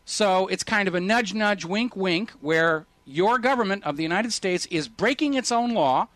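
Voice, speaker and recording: A man's voice: high voice, expressive, moderate pace, fairly bright tone, no room sound. A man hosting a political talk radio show, speaking in an indignant, sarcastic and emphatic way.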